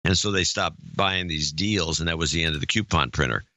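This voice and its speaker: Podcast co-host guy from california, super bright tone, dry close sound, rambles on. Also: a bass voice, a little fast, no room sound. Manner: rambling storyteller, wry. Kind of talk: casual chat.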